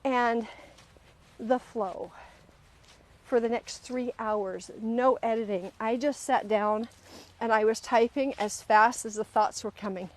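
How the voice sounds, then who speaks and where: A middle-aged woman with a slightly high voice hosts a live self-help talk in a lively, conversational way. She tells personal stories to her audience and slips into other people's voices as she quotes them. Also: slow. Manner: animated storyteller, often acts out quoted voices. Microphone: livestream camera mic.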